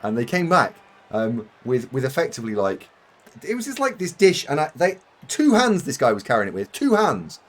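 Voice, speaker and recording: A man's voice: mid-range voice, huge pitch swings, moderate pace. A British man chatting casually to his viewers while streaming a game, rambling and self-mocking with frequent laughs. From United Kingdom. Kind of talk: live-stream chat while gaming.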